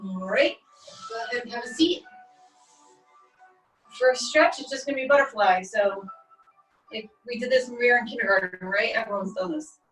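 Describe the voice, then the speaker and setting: Fitness instructor, woman, higher voice, calm step-by-step stretch cues, laptop mic set back in an echoey room with faint music. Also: normal speed, long pauses, far from the mic. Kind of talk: guided stretching class.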